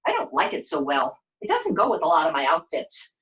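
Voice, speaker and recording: A woman puppeteer voicing a chatty, excitable young girl who talks in quick, sassy bursts during a puppet show. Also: low voice, dull audio, exaggerated voice. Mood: sassy, excited. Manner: breathless, sassy, quick to exclaim.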